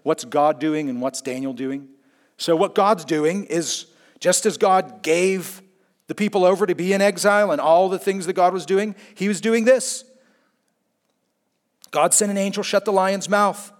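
A man preaching a sermon, telling a story expressively and swinging between hushed asides and emphatic points. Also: sits high, unhurried. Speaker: pastor.

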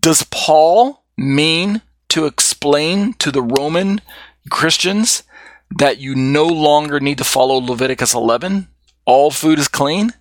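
A man's voice: a little high, measured pace, no room sound. A man teaching a Bible study in an explanatory way, with frequent fillers and restarts.

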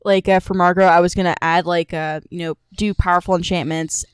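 Enthusiastic female player, chatty, smooth voice, lowish, dry sound. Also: flat delivery, a little fast, dry recording. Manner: chatty, lots of fillers, enthusiastic. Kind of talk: casual tabletop game chat.

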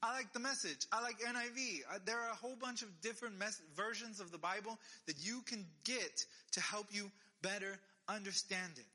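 Casual preacher, man, high and sharp-toned, repeats his points emphatically. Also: fairly quick, hardly any pauses. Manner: conversational, emphatic repetitions, animated. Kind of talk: casual sermon.

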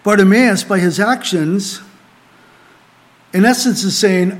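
A middle-aged man preaching a sermon as a pastor to a small group, earnest, rising to emphatic lines and dropping to quiet asides. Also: high voice, slow, pauses often.

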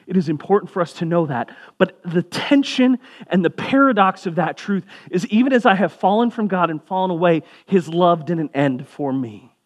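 Young male pastor with a fairly high voice, preaching in a relaxed, conversational tone. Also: moderate pace, few pauses. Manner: conversational preaching, casual asides. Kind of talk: sermon.

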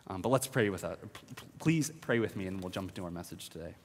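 A man preaching a casual sermon as a pastor, chatty and upbeat with fillers and restarts, dropping to a hush when he prays. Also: low voice, fast, a little hiss or hum. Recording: long hall reverb.

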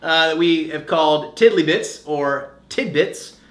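A man's voice: on the high side, unhurried, echoey room. A young man co-hosting a podcast, telling long rambling stories with a chuckle, in casual chat. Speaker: podcast co-host.

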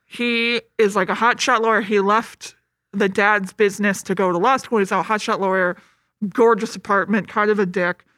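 A woman with a bright, forward voice walks through a movie's story in relaxed, chatty talk, with plenty of "like" and "um". She is recorded close and dry. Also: mid-range voice, moderate pace, no echo. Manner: chatty, retells the plot with lots of fillers. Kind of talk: casual chat about a movie.

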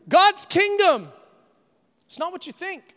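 Man, pastor preaching, very high voice, animated, hushed to shouting, jokey asides, long hall reverb. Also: slow. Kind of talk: sermon.

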